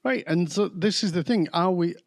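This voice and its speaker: Podcast guest, male, high pitch, punchy and emphatic, dry close mic. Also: dry recording. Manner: animated storyteller who mimics accents and voices; slows down to stress key words. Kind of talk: casual conversation.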